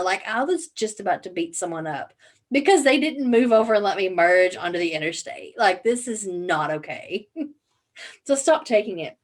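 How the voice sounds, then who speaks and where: A woman co-hosting a podcast, telling a story in casual chat, animated, with many fillers and some swearing. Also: medium pitch, moderate pace. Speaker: podcast co-host.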